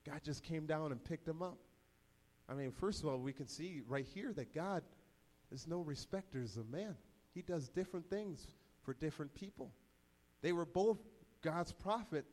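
Lively preacher with slangy storytelling. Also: male voice, on the high side, in a large hall. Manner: casual, energetic storytelling with slang. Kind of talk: sermon.

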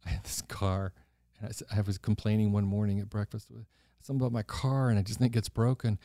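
A man hosting a podcast, telling stories in a gushing, animated casual chat. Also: on the low side, brisk, no echo, clean studio sound. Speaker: podcast host.

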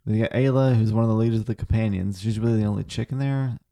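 A man's voice: fairly low pitch, steady tone, very fast, warm tone. A tipsy man co-hosting a casual podcast chat, rambling and swearing freely as he talks about games. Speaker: podcast co-host.

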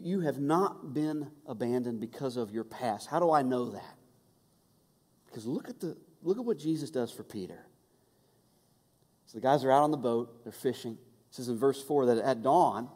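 A man preaching a sermon as pastor, telling the story with humor, quick asides and restarts. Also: medium pitch, darkish tone. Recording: long reverb of a large hall.

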